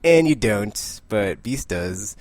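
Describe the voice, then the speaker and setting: A young man chatting casually about the comics he picked up this week, rambling with asides and short laughs and acting out the characters in quick voices. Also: fairly low pitch, animated, darkish tone, no room sound. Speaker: comic book vlogger. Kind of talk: casual comic book review.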